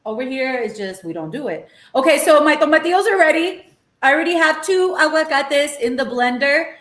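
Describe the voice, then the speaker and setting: A young woman from Los Angeles talks through a cooking stream with a fairly high voice. She is chatty and animated and drops Spanish phrases into her talk. The sound is roomy, as if from a home kitchen. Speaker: cooking show host. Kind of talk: casual live-stream cooking chat.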